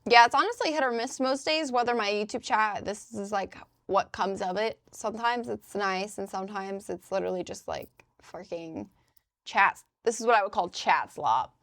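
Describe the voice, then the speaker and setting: Young woman, from the Midwest, livestream chat, casual swearing, gravelly fry, dry close sound. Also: medium pitch, normal speed, a bit bright, dry recording. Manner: chatty, loose, casually swearing. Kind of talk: casual chat reading live chat. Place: indoors at a crafting desk.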